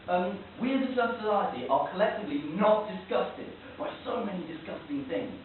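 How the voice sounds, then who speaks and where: Guy doing stand-up in a pub, high-ish voice, super echoey room, mic way off. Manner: rambling, self-mocking, bursts into shouting rants. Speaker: stand-up comedian. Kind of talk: stand-up comedy set. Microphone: camera far from the stage. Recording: distant, tinny, hissy, roomy amateur recording.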